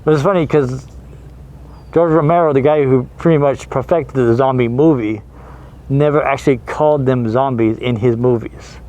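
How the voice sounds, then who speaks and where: A man's voice: mid-range voice, normal speed, dark tone. A man hosting a horror movie show, talking casually and rambling, laughing easily and trailing off. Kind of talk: casual chat.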